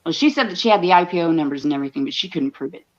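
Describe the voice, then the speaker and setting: A woman's voice: on the low side, expressive, very fast, muffled recording. A woman hosting a livestream, ranting angrily with lots of swearing and broken restarts. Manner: angry, profane, talks in bursts with restarts. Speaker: livestream host. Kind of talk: heated livestream rant.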